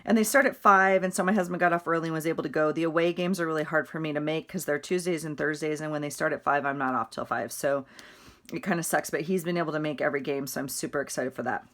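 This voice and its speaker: A woman's voice: sits low, fairly even intonation, fast talker, a bit bright. A middle-aged woman chatting casually about her week, rambling and laughing often. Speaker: vlogger. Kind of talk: casual chatty journal walkthrough.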